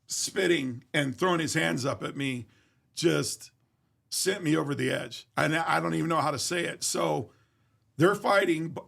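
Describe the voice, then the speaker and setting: A man, appearing as a guest, tells a story in casual conversation with a slightly high, creaky, fairly bright voice. His retelling is blunt, profane and emphatic, and he acts out every exchange.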